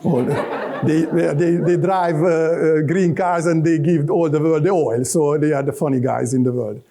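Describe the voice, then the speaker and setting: A man's voice: on the high side, fairly even intonation, moderate pace, mellow. A middle-aged man with a Hungarian accent, giving a loose, joking conference talk full of restarts and fillers. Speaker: conference speaker. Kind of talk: live conference presentation. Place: conference hall.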